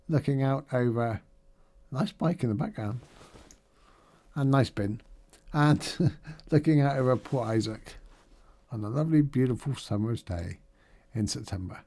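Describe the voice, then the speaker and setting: A man's voice: mid-range voice, warm tone. A middle-aged man giving a casual, upbeat video-diary recap of a charity challenge day, chatty and rambling with fillers and asides.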